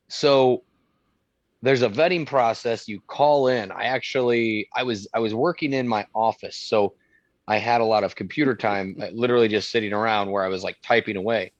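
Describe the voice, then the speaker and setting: In a mid-range voice on dull, echo-free audio, a man co-hosting a podcast tells rambling stories during casual chat, leaning heavily on fillers.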